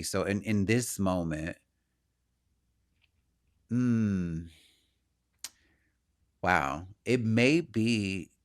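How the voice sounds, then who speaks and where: A man hosting his own podcast, talking through his feelings in an earnest, searching, self-questioning way and sometimes acting out what other people said. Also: fairly low pitch. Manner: animated, acts out other people's voices. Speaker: podcast host. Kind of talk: personal reflective monologue.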